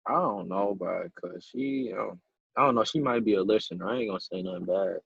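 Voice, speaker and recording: A young man co-hosting a podcast, talking in a laid-back way that often trails off low. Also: fairly quick, gravelly, a bit bright, breathy edge, no room sound. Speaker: podcast co-host. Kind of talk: casual chat. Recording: dull lo-fi mic.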